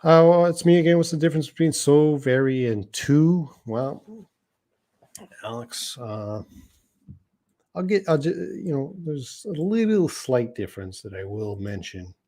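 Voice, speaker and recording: A man's voice: a little high, lively intonation, measured pace, warm tone. A middle-aged man, teaching a live English lesson and casually answering viewers' questions one by one. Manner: casual and conversational, reads viewer questions aloud and answers them.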